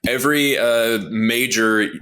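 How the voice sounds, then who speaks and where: A man's voice: mid-range voice, fairly even intonation, slow pace, bright, forceful tone. A man competing on a comedy podcast, pushing mock-serious conspiracy theories with a straight face. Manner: mock-serious conspiracy talk, dry jokes. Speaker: contestant.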